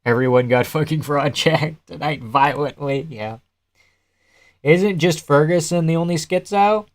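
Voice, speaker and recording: A man's voice: on the high side, a little slow. Laughing, swearing young male streamer. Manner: laughs often, swears, answers chat. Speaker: live streamer. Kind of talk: casual live-stream commentary.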